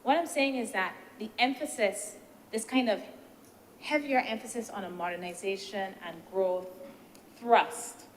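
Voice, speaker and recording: A woman senator, giving a measured, deliberate speech in a parliamentary debate and posing rhetorical questions. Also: medium pitch. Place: senate chamber. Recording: reverberant chamber with faint background noise.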